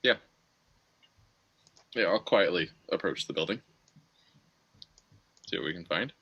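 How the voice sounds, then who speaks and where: A man playing a tabletop game, casual and quick to laugh. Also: low voice, animated, bright, forceful tone, slightly rough, no echo, lo-fi sound. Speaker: player.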